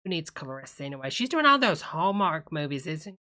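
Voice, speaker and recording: A woman hosting as a gushing church lady on a live stream, a little tipsy from her drink, sweet-talking every viewer as honey. Her voice sits fairly low for a woman but comes across bright and forceful, with a drawl that is warm to the ear, all chatter and asides. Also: big pitch swings, brisk, exaggerated voice. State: tipsy from a cocktail. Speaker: livestream host reading chat.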